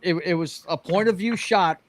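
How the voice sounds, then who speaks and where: A man's voice: high voice, moderate pace, slight background noise. A man in a casual chat, enthusiastic and exclaiming.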